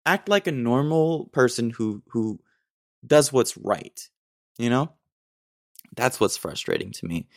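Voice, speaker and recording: A man's voice: medium pitch, big pitch swings, takes it slowly, gravelly, long pauses, no room sound, studio quality. A young man hosting a solo podcast, telling stories in a rambling, self-deprecating way with acted asides. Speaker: podcast host. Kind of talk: casual solo monologue.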